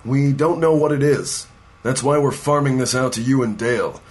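A man's voice: mid-range voice, normal speed, natural voice. An actor playing a firm, persuasive male boss of a paranormal agency, pressing a former agent to take a job in an audio drama.

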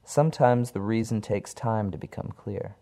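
A man voicing a sinister featureless entity who speaks with smooth, measured menace. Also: on the low side, dark tone, pitched above the performer's own voice, lightly acted. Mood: menacing.

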